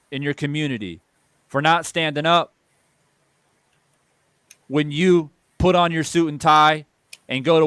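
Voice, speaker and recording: A man's voice: on the high side, fairly bright tone, clean tone, no room sound. Man ranting in a dry close voice. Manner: ranting, emphatic, repeats phrases for stress. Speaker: boxing channel host. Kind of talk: heated opinion monologue.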